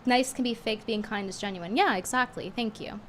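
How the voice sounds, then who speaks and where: A woman streamer in casual commentary, talking sarcastically and animatedly, flaring up indignantly, her voice going a little hoarse. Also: medium pitch, a little fast, fairly bright tone, slight background noise.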